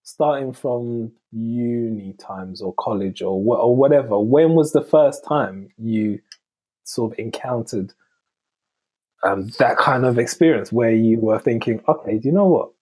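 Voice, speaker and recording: Man, mellow husky voice, halting, searches for words, podcast co-host. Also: mid-range voice. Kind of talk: casual chat.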